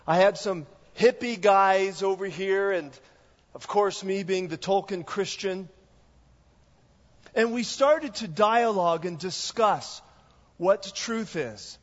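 A male pastor preaching a sermon, telling a story in a measured way. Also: high-pitched. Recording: echoey hall, dull lo-fi sound.

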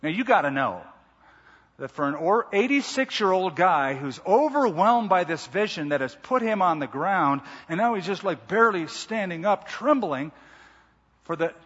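A man preaching a sermon, reading scripture and breaking off into lively, conversational asides. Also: sits high, moderate pace, slightly rough. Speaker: pastor. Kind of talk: expository sermon. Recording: dull lo-fi sound with long hall reverb.

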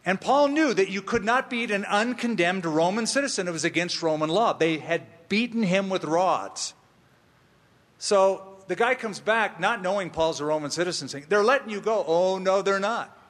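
A man preaching an expository sermon, emphatic and slow, with playful asides. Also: high voice, expressive, a bit bright, big-room sound. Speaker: pastor.

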